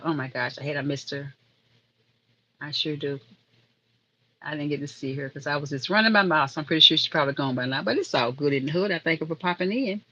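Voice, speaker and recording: A woman's voice: low-pitched, a bit bright, dull audio. A woman hosting a casual live stream, chatting and rambling to viewers in the chat. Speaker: livestream host.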